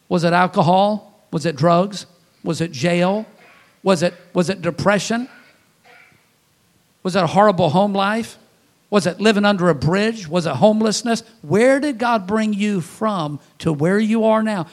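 High-voiced preacher with folksy storytelling. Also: male voice, unhurried. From Louisiana, USA. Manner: folksy storytelling, rhetorical questions, swings from loud to hushed. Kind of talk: sermon.

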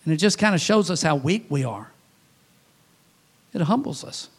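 A high-voiced man preaches a sermon in a folksy, storytelling way. He piles up rhetorical questions and swings between loud and hushed delivery. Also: lively intonation, normal speed, slightly rough. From Louisiana, USA.

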